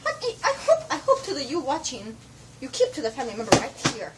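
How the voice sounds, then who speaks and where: A woman's voice: high-pitched, huge pitch swings, fast talker. A woman putting on a giggly foreign-accented persona. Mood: playful. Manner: broken grammar with stray "to the", giggly. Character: excitable foreign-accented young woman in broken English. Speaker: roommate. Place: home room. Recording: noisy home video from a distance.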